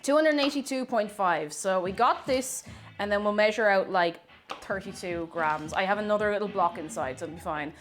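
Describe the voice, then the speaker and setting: Live-streaming as she bakes in her home kitchen, an Irish woman keeps up casual chat, greets viewers by name and repeats herself. She speaks in a mid-range voice at normal speed, with faint music from her phone behind her.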